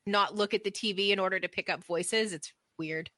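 Woman co-hosting a podcast, bright voice, chatty, laughs a lot, dry sound. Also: mid-range voice, steady tone, fairly quick, no echo. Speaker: co-host. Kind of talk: casual podcast chat.

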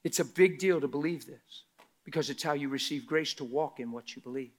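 A male pastor preaching a sermon, asking rhetorical questions and swinging between loud emphatic lines and near whispers. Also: on the high side, a little fast. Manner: mocks critics in a quoted voice.

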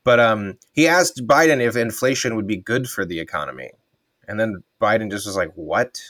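A man co-hosting a casual podcast chat, talking in rambling, animated runs and correcting himself as he goes. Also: on the low side, brisk, no echo.

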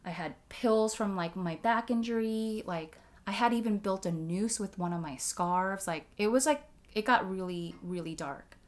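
A woman's voice: mid-range voice, normal speed, hardly any pauses. Woman just talking it out, lots of likes, swears a bunch, super candid chat. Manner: frank, swears freely, many "like" fillers; emotional personal storytelling. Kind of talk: candid casual conversation.

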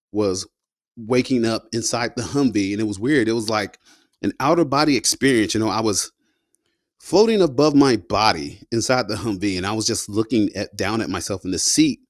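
Veteran man, low voice, dry close sound, casual storytelling full of slang fillers. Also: dry recording. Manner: loose and slangy, peppered with "you know" and "man". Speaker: combat veteran guest telling his story.

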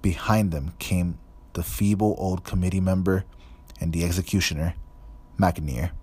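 A man reading an audiobook in a measured, even storytelling manner. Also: low-pitched, husky. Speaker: audiobook narrator. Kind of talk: scripted narration.

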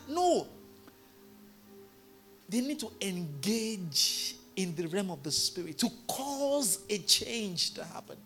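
A male pastor delivers a sermon in church, his very high voice telling a story that builds toward loud, emphatic declarations.

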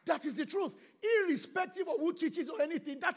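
High-voiced pastor preaching fiercely. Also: male voice, a little fast. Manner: preaching with sudden shouted bursts. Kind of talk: sermon.

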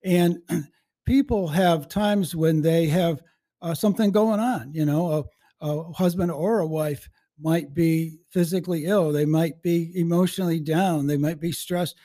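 A man's voice: a little high, steady tone, unhurried, dark tone. A man in his seventies, a guest in a casual interview, telling stories in a folksy, rambling way, often restarting his sentences. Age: 70s.

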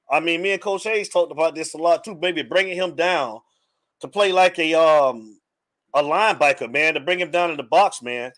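A man with a noticeably high voice hosts a live-streamed sports podcast. He keeps it casual and hyped, shouting out viewers in the chat by name and circling back to the same questions again and again. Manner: hypes and greets chat viewers by name, repeats phrases. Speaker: podcast host.

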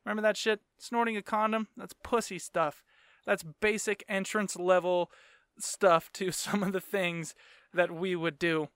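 A man's voice: high-pitched, fairly even intonation, a little slow, fairly bright tone, smooth, no echo, studio quality. A man in his thirties hosting a casual solo podcast, rambling, swearing freely and laughing mid-sentence, often tagging his points with "right?". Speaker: podcast host.

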